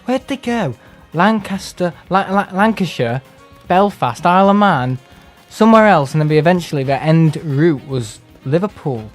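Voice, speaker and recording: A man talks loosely during a live gameplay stream, drifting from one tangent to the next. His voice sits a little high for a man, and he often slips into mocking impressions of other people. Faint game music plays underneath. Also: lively intonation, moderate pace. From England. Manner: rambling, sarcastic, mimics other people in put-on voices. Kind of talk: casual live-stream chat while playing.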